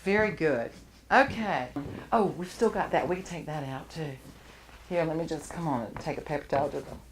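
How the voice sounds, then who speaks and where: A woman's voice: deep voice, fairly quick, background noise. A woman teaching a live charcoal drawing class to students, encouraging them and laughing often as she works. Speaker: art teacher.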